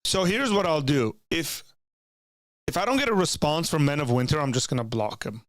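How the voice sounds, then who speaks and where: Leaning in close to a desk mic, a young streamer reads chat and talks to viewers from a home room lined with bookshelves, rambling and often restarting. His voice is on the high side, expressive and a bit bright, at normal speed. It's studio-quality audio with no room sound.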